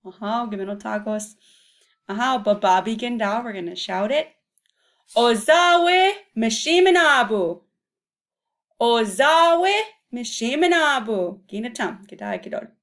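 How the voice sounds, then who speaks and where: A woman leads a language lesson, slowly sounding out each word syllable by syllable. She coaxes listeners to repeat after her with patient encouragement, in a calm, middle-pitched voice. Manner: patient, coaxing repetition for learners. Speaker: language teacher. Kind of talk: Ojibwe vocabulary lesson with call-and-response.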